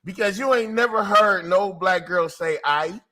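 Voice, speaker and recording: A man's voice: high-pitched, moderate pace, pushed and bright. A man co-hosting a podcast in casual chat, playful and teasing. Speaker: podcast co-host.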